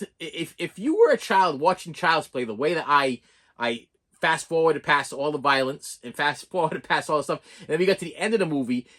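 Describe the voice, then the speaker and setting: A man's voice: a little high, fairly bright tone. A man chatting casually as a video host and collector, rambling and repeating his words. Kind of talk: casual chat.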